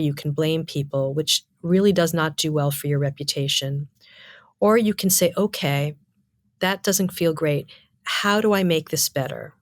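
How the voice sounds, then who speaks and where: A middle-aged woman, a communication lecturer, giving clear, emphatic interview answers full of lists and rhetorical questions. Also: low-pitched, no echo, studio quality.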